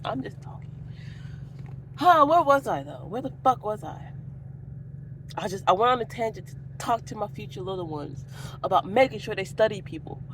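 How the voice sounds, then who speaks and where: A woman's voice: medium pitch, lively intonation, normal speed, long pauses, noisy background. A woman vlogger talking in a rambling, profane, casual rant that keeps going off on tangents. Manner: profane, goes off on tangents, laughs a lot.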